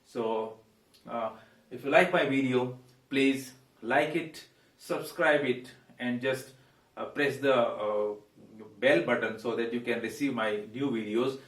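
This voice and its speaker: A man teaching English pronunciation, pausing on fillers and repeating words slowly. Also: mid-range voice, fairly bright tone, recorded from a distance. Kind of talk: pronunciation lesson. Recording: echoey room, voice away from mic.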